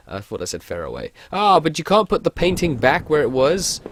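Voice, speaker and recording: Congested husky man playing a horror game. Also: medium pitch, lively intonation, fast talker, few pauses. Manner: playful, self-mocking, reads narration in hushed tones. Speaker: gaming video host. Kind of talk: let's play commentary, reading game text aloud.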